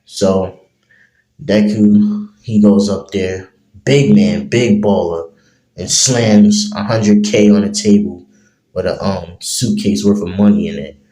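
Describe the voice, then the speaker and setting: A man's voice: deep voice, steady tone, slow pace, warm tone. A man improvising a fan story, rambling with many fillers. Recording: roomy echo.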